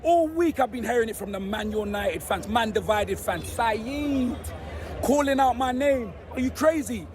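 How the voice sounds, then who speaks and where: A man with a hoarse, nearly lost voice, loudly roasting rival football fans in street slang. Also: very high-pitched, expressive, measured pace, noisy background. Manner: loud, shouty, slang-heavy roasting. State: hoarse, voice almost gone.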